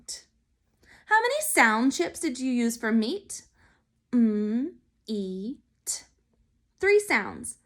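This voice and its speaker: Woman, phonics teacher, high voice, slow careful sounding out. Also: a bit bright. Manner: slow, clearly sounded out letters and syllables. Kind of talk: phonics lesson for young children. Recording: recorded for remote learning.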